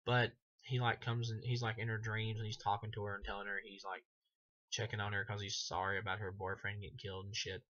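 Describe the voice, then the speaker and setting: A man's voice: on the low side, little pitch movement, fast talker, fairly bright tone, muffled recording. A man giving a casual, rambling film review, full of fillers and swearing. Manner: rambling, heavy filler words, frequent swearing.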